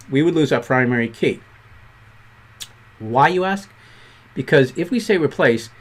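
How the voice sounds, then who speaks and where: A man with a Boston accent teaching a programming lesson, talking quickly and conversationally with self-deprecating asides. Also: medium pitch. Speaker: programming instructor. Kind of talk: screen-recorded coding tutorial.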